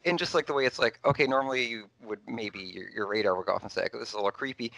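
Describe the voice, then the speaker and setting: A man's voice: medium pitch, quick pace, gravelly, no echo, rough recording. A man in casual conversation about an old film, rambling with many fillers. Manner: rambling, animated, lots of fillers.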